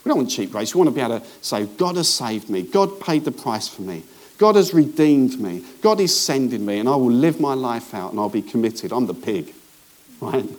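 A man preaching a sermon as pastor, swinging between hushed asides and rising emphasis, with jokey remarks to the congregation. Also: mid-range voice, big pitch swings, normal speed.

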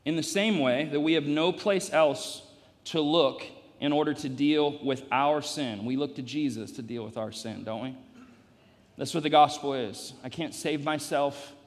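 A male pastor delivering a sermon, emphatic and repetitive, rising to loud peaks in a church. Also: a little high, moderate pace, big-room sound. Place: church sanctuary.

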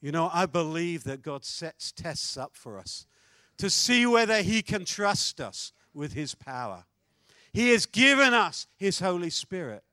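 A man preaching a sermon, telling a story with animated swings between loud declarations and hushed asides. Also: high-pitched, measured pace, dry recording.

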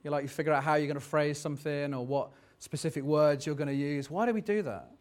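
A man's voice: a little high, steady tone, fast talker, darkish tone. A man preaching a sermon in a reflective, conversational way, turning dramatic when he reads scripture.

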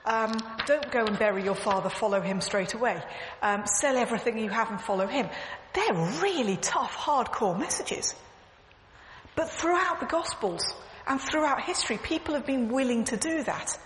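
A woman's voice: on the high side, a bit bright. Earnest woman preaching in an echoey hall. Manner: earnest, emphatic storytelling with repeated phrases. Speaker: church speaker. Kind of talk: sermon. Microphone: clip-on mic, echoing. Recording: echoey hall, faint background noise.

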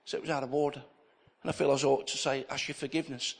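A middle-aged male pastor preaches a sermon, telling stories in which he acts out the dialogue and repeating key phrases for emphasis. His medium-pitched voice keeps a level tone at a quick pace.

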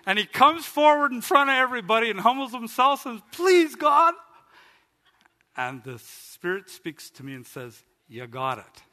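A middle-aged man preaching a sermon as pastor, telling a story with animated delivery that climbs high when he gets excited. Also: brisk, hardly any pauses. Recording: long hall reverb.

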